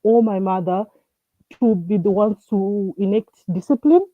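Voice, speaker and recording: This caller, a woman from Africa, speaks unhurriedly at a medium pitch in casual call-in talk. The line is tinny and dry, and her speech is hesitant, with frequent fillers and restarts.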